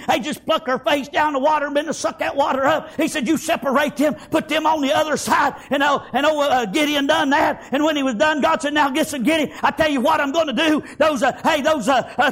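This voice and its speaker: A man preaching a fervent sermon, peppering his words with "praise God" and "amen" and often breaking into shouts. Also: extremely high pitch.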